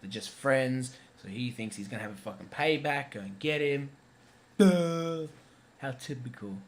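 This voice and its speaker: A man's voice: medium pitch, a little fast, a bit bright. Rambling amateur film reviewer, male, casual and profane, loses his thread and corrects himself. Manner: rambling, profane, self-interrupting. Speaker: movie reviewer.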